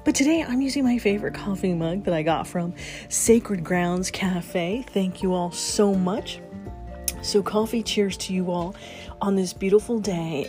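A woman hosting a casual morning podcast, bubbly and quick to laugh. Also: dark tone. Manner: bubbly, laughs often, talks to her dog in a high baby voice. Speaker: podcast host.

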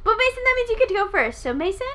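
Woman podcast co-host, high bright voice, teasing and profane. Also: rapid-fire. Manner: excitable, teasing, swears freely. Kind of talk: casual chat.

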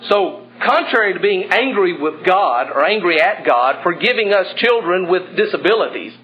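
A man's voice: high voice, lively intonation, moderate pace. A man preaching a sermon in an earnest manner, building to emphatic points. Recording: muffled lo-fi sermon recording.

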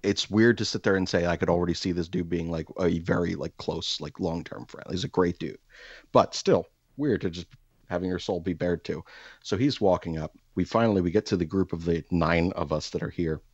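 A man's voice: low-pitched, fairly quick, husky, no room sound, dull audio. A man telling a comic anecdote in a rambling, self-deprecating way, jumping into exaggerated voices for the people he quotes.

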